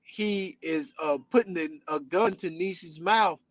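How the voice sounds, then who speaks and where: A male podcast host tells a story in loose, animated chat, peppering it with "you know what I'm saying". His voice runs fairly high, and the close mic gives it a dry, deadened sound. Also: unhurried, dry recording, low-quality recording. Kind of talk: casual chat.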